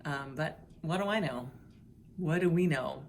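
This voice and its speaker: Middle-aged woman chatting to camera at home, low-ish voice, little hiss behind, upbeat and chatty. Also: measured pace, darkish tone. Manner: chatty, upbeat, cooing baby talk to a cat. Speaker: vlogger sharing her health journey. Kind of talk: casual home vlog update. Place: home, indoors.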